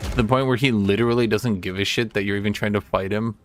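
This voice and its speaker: A man's voice: fairly low pitch, steady tone, fast, soft background music. A young man streaming a game, chatting casually and joking as he plays, sometimes acting out silly character voices. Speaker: gaming streamer. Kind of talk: casual gameplay commentary.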